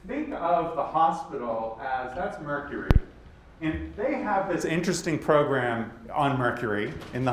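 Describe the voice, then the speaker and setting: A man with a Boston accent giving a presentation at a leadership summit, talking straight to the audience and tossing in quick asides. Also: medium pitch. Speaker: conference speaker. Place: conference hall. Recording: roomy hall with faint background noise.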